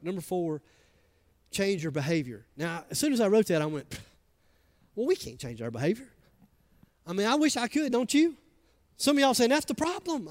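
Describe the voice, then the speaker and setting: A man preaching a conversational, emphatic sermon to a church congregation, often acting out what people say. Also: sits high. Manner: conversational, emphatic, acts out quoted voices. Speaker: pastor. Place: church sanctuary.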